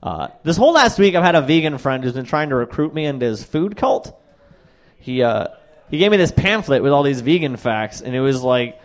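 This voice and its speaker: A young man doing a stand-up set, telling wry stories and acting out other people's lines in quick asides. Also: mid-range voice, sing-song. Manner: wry storytelling with voiced asides. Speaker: stand-up comedian.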